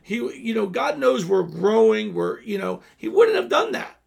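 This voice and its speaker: A man's voice: high voice, big pitch swings, a little slow, creaky, darkish tone, breathy edge. A man hosting a Bible teaching show, reading scripture aloud and explaining it in a loose, conversational way with frequent restarts.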